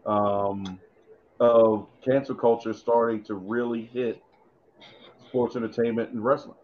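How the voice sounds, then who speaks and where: A man's voice: medium pitch, flat delivery, a little slow. Rambling male podcast co-host. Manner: rambling, thinks aloud with many fillers. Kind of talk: casual chat about wrestling. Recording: muffled lo-fi audio.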